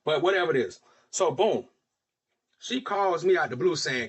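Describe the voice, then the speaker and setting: Speaking at a moderate pace, this podcast host from Florida has an animated, slightly rough voice on the high side. He's profane and heated as he recounts a personal story casually, performing the other people's lines.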